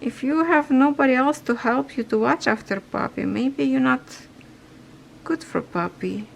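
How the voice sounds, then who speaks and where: Craft vlogger, woman, non-native English, stuffy, unhurried rambling chat. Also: high voice, gravelly, slight background noise, low-quality recording. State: stuffy nose. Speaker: cross-stitch vlogger. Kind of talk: casual chat while stitching.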